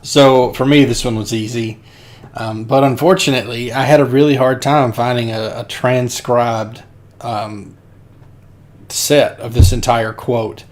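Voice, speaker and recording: A man co-hosts a film podcast, walking through a movie scene in a chatty, storytelling way. He laughs often as he goes, and his voice sits at an ordinary middle pitch. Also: steady tone, measured pace. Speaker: podcast co-host. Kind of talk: casual film discussion.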